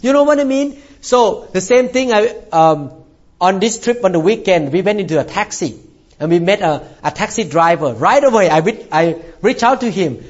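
A man's voice: high voice, expressive, normal speed. A man preaching a sermon in an earnest way, often restarting words and calling out "Amen?" to the congregation. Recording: dull lo-fi recording.

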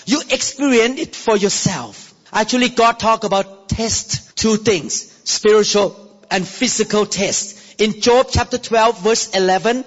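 A man preaching a sermon as pastor, animated and exclaiming, often breaking into laughter. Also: sits high, measured pace, faint music behind. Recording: reverberant, dull lo-fi hall recording.

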